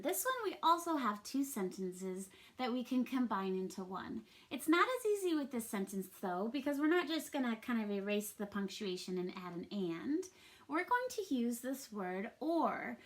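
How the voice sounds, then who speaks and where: A woman teacher walks young children through a reading lesson in a patient, sing-song classroom voice. Her voice sits a little high and swings widely up and down as she reads out example sentences.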